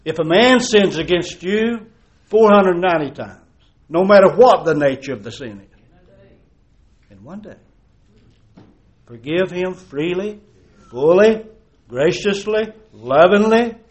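Preacher with dramatic swings. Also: male voice, sits high, animated, measured pace, pauses often. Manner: preaching with dramatic swings from loud emphasis to hushed tones; folksy storytelling with repeated rhetorical questions. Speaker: pastor. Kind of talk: sermon.

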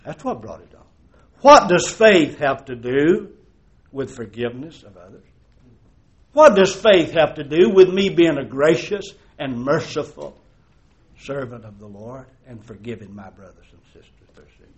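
A male pastor preaching a sermon with a fairly high voice. He keeps moving between loud, stressed phrases and near-hushed asides. He leans on folksy stories and rhetorical questions. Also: expressive, measured pace, dull audio. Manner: preaching with dramatic swings from loud emphasis to hushed tones.

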